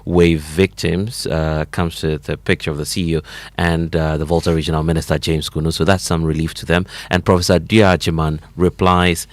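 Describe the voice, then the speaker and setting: A man's voice: very deep voice, level tone, normal speed, few pauses, no room sound. A man with a Ghanaian English accent co-hosting a morning radio show, reading newspaper headlines steadily. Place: radio studio.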